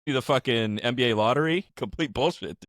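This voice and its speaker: A man's voice: mid-range voice, a little fast, no room sound, clean studio sound. A young man co-hosting a podcast in casual chat, telling stories with lots of swearing and laughter. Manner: animated storyteller, swears freely, laughs often. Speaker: podcast co-host.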